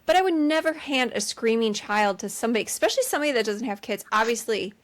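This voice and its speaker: Woman, podcast co-host, casual chat, somewhat high voice, acts out quotes. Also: quick pace. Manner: animated retelling with voiced quotes. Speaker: mother.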